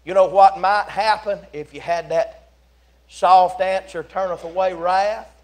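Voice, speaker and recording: Preacher guy in a church, higher voice, folksy, goes loud then real quiet telling the story. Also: unhurried. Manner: folksy, animated storytelling preaching with dramatic swings. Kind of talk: sermon. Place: church sanctuary.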